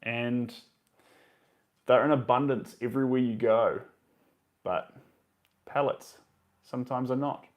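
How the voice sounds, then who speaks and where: A man's voice: mid-range voice, fairly even intonation, takes it slowly, long pauses, muffled recording. A man, chatting casually to his live stream viewers while he paints, muttering to himself between remarks.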